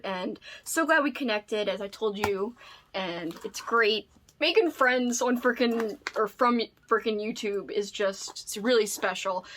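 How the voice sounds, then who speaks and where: A woman vlogging casually at home, gushing excitedly over an unboxing, squealing and laughing often. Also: a little high.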